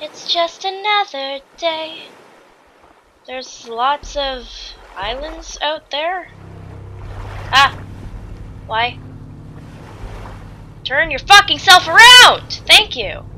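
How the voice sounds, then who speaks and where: High-pitched woman swearing through a game. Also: animated, very slow, pauses often, bright, forceful tone, slight background noise, low-quality recording. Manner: frantic, swearing, yelps and shrieks. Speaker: gamer playing a survival game. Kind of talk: let's play commentary.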